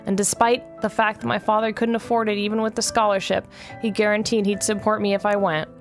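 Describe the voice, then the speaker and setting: A woman's voice: medium pitch, flat delivery, fairly quick, faint music behind. A young woman hosting a casual game video, joking around playfully and reading game text aloud. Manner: giggly, playful. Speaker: host. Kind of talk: casual let's-play chat and reading a visual novel aloud.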